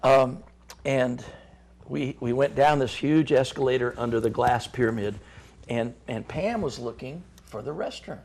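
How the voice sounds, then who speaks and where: A man's voice: mid-range voice, unhurried, darkish tone. A middle-aged man, a chamber of commerce guest on a talk show, gives folksy business advice with frequent restarts and repeated words.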